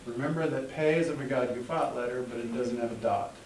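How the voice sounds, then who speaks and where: A Hebrew teacher patiently coaches his class through pronunciation one syllable at a time. His mid-range voice is fairly quick with a darkish tone. The recording sounds echoey, with the mic at a distance and faint noise.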